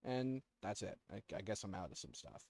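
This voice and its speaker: Low-voiced man running a tabletop game. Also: sing-song, brisk, creaky, a little mellow. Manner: plays a reluctant king in brief asides. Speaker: dungeon master. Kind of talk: narrating a tabletop game online.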